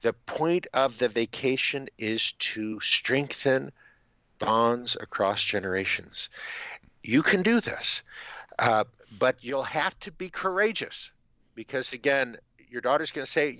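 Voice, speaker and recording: A man speaking as a guest author on a podcast, explaining his views emphatically and sometimes mimicking kids in animated voices. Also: mid-range voice, takes it slowly, no room sound, dull audio. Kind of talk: interview answers.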